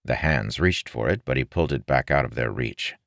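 A man narrating a fantasy novel in a measured, expressive storytelling manner. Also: extremely low pitch, gravelly, no echo, clean studio sound. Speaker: audiobook narrator.

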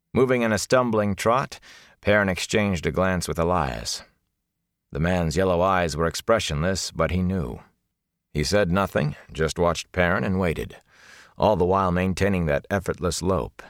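A male audiobook narrator with a very low, deep voice, reading fantasy prose in a steady, measured way. The recording is close and completely dry, with no room sound. His delivery lingers over the grim images. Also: no echo.

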